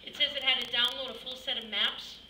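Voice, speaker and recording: A woman's voice: sits high, fairly even intonation, fast talker. A woman doing a stand-up comedy set, brash and working the crowd on stage in a comedy club. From Massachusetts. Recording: echoey room from far off, noisy. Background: club audience.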